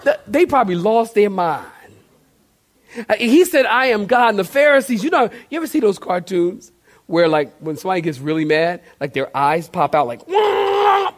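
A male pastor preaching a sermon, animated, putting questions straight to the congregation. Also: high voice, brisk. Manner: shouted cartoonish outbursts for emphasis.

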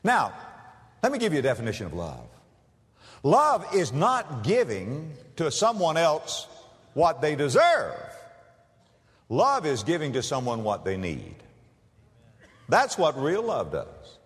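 A male pastor giving a sermon, swinging from loud cries to hushed tones. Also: on the high side, huge pitch swings, takes it slowly, long pauses, in a large hall.

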